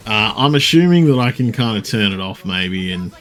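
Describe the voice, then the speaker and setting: A man's voice: lowish voice, lively intonation, normal speed, fairly bright tone. A man streaming a game, chatting casually in a rambling, swear-laden way with frequent fillers. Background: faint game music.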